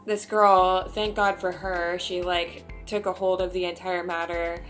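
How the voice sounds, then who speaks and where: A woman's voice: lowish voice, level tone, a little slow, music in the background. A young woman vlogger telling a story casually in a chatty way, with lots of filler words.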